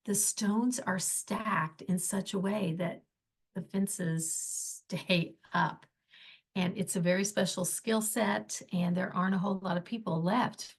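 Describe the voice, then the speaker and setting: A woman hosts her own podcast and tells stories at an unhurried, easy pace. She talks in a chatty, enthusiastic way and slips in gushing little asides. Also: on the low side. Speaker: podcast host. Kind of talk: casual solo podcast storytelling.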